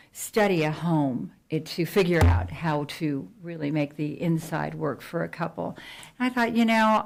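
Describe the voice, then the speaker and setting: A woman's voice: sits low, darkish tone. A middle-aged woman from New Jersey, a real estate agent chatting casually in an interview, with frequent fillers and restarts.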